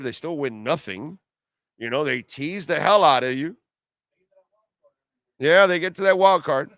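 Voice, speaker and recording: Broadcasting live from a car dealership, this sports radio host speaks with a fairly high, somewhat bright voice. He delivers sarcastic rants and reads comments sent in by listeners, all in clean studio sound without echo.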